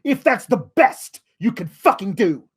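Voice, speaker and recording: A male podcast host vents in an exasperated, profane rant. His voice sits high for a man, and the swearing never lets up. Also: sing-song, a little slow, slightly rough. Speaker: wrestling news podcast host.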